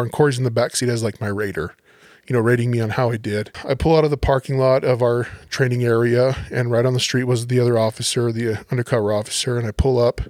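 A man's voice: mid-range voice, dry recording, studio quality. A man, a police officer, telling stories casually on a podcast and acting out the people in them. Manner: relaxed, animated storyteller acting out quotes. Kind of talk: casual storytelling.

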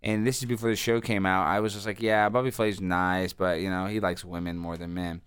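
A man in his thirties, a guest telling rambling, animated stories with lots of fillers. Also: low-pitched, a little fast, smooth, no room sound. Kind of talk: casual interview storytelling.

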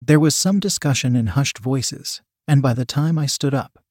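Husky-voiced man narrating a story. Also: mid-range voice, normal speed, darkish tone, no room sound, studio quality. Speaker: audiobook narrator. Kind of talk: first-person scripted narration.

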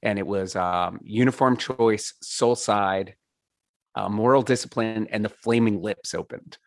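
A man's voice: fairly low pitch, unhurried, no echo, studio quality. A man telling stories in a casual interview, rambling with lots of fillers, laughing and swearing. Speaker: podcast guest, singer.

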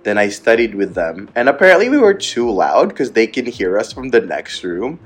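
A young man co-hosting a student podcast, talking in a relaxed, rambling way full of "like" fillers. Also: lowish voice, normal speed, breathy edge, faint music behind. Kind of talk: casual chat.

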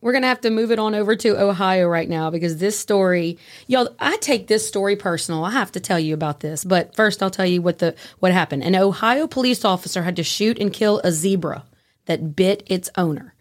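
A woman's voice: mid-range voice, fairly quick. A woman, co-hosting a crime podcast in a chatty, joking way. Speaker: podcast co-host. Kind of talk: casual chat and news reading.

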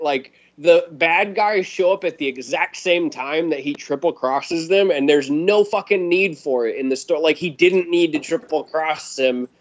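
A man in casual podcast chat, telling a story in a lively, profane way and laughing often. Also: fairly high pitch. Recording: dull lo-fi recording.

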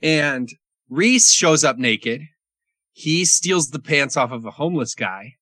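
A man's voice: on the high side, sing-song, takes it slowly, pushed and bright, dry recording. A man co-hosting a podcast, reviewing movies in casual chat and laughing often. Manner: laughs often, trails off into quoting scenes.

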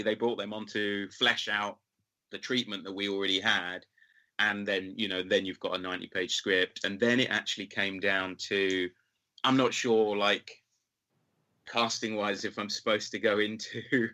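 Man, London accent, film director, rambling casual storyteller, lowish bright voice. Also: poor audio. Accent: London English. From England. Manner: chatty, rambling, full of fillers and acted-out quotes.

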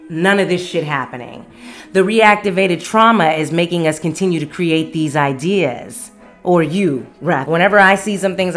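Candid, laughing young woman telling a story. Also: fairly bright tone. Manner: candid, profane and laughing, with big pitch jumps when quoting. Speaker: podcast host and singer. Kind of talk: casual storytelling rant.

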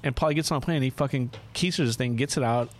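A man hosting a podcast, telling a rowdy road-trip story in casual chat, acting out quotes with sudden jumps in voice and frequent laughter. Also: rapid-fire. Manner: animated, profane, acts out quotes with big pitch jumps and laughs.

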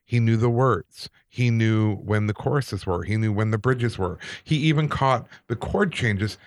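A man on a podcast, casually telling a personal story in an animated, self-deprecating way. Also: on the low side, unhurried, no echo, studio quality. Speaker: podcast co-host.

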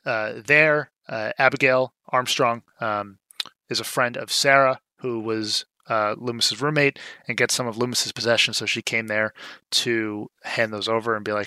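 A young adult man co-hosting a casual movie recap podcast, relaxed with lots of fillers, getting animated when he retells scenes. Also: medium pitch, measured pace, clear, resonant tone, no echo. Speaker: podcast co-host.

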